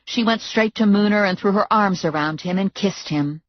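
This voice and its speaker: A woman narrating a first-person audiobook in a brisk, wry storytelling manner. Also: mid-range voice, no echo, muffled recording.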